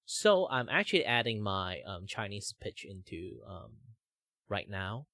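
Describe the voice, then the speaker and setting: Man hosting a chat stream, low voice with lively swings, dry close sound. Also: unhurried, no room sound. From Malaysia. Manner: rambling with frequent "like" fillers. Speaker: VTuber streamer, host. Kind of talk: casual chat.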